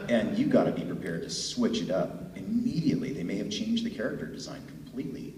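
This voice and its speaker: A middle-aged man with a deep voice, a voice actor telling stories to fans at a convention panel, chatty and laughing easily. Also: huge pitch swings, moderate pace, darkish tone. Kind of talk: relaxed storytelling answer to a fan. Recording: echoey hall from far off, faint noise.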